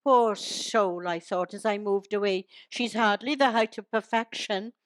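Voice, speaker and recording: A woman's voice: medium pitch, measured pace, clear, resonant tone, no room sound. An older woman, reciting humorous poems and jokes to a live audience and teasing them along the way. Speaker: comic performer.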